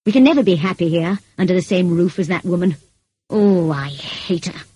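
A woman reading the lines of a brooding, passionate middle-aged gentleman in an audiobook, in an intense, pleading manner. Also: fairly low pitch, moderate pace, breathy edge, no echo, poor audio.

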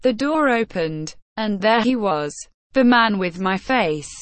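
A woman narrating a simple story in a measured, careful reading voice. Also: mid-range voice, animated, dry recording. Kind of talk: slow graded-reader story narration.

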